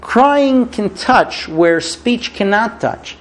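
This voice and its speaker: High and animated, this man's voice carries an informal sermon packed with stories. He's middle-aged, speaks English as a non-native, trips over his words and starts again, and performs the quoted voices himself.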